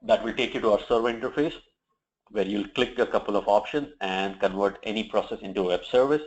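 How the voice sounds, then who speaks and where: Low-voiced man giving a software demo. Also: a little fast, muffled recording. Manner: steady explanatory, occasional fillers. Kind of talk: product demo walkthrough.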